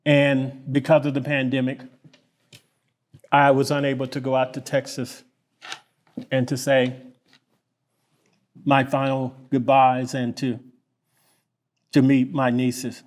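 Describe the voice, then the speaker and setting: A man from Kentucky who is a pastor, giving a halting, reflective memorial tribute. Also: medium pitch, darkish tone. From Lynch, Kentucky.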